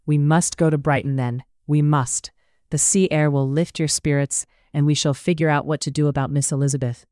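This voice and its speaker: A narrator voicing an earnest, caring young woman in a read-aloud story, with a smooth voice. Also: medium pitch, fairly even intonation, normal speed, no echo, studio quality, lightly acted. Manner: earnest, gentle. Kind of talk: audiobook character reading.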